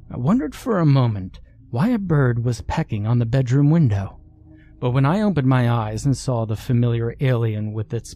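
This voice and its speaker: Male horror narrator; deliberate, slow delivery, dark mellow tone. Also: mid-range voice. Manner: measured, deliberate storytelling. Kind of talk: scripted horror story narration.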